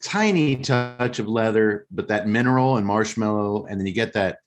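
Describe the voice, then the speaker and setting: A man's voice: fairly low pitch, normal speed. A man co-hosting a casual podcast, telling a movie plot as a joking storyteller. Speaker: podcast co-host. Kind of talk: casual chat and movie recap.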